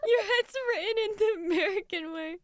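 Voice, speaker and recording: High-voiced teasing woman, German native. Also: fairly quick, no echo, clean studio sound. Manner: teasing, laughs a lot. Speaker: streamer. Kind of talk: casual stream chat.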